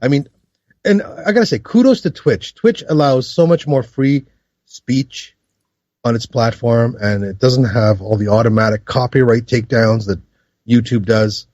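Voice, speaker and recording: A man co-hosting a podcast in casual chat, rambling with many restarts and laughs, high. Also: moderate pace, darkish tone, dry recording, dull audio. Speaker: podcast co-host.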